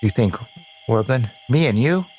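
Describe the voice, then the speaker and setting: A man's voice: medium pitch, lively intonation, moderate pace, a little mellow, a little hiss or hum, natural voice, rough recording. A man voicing a wary male soldier who asks blunt questions.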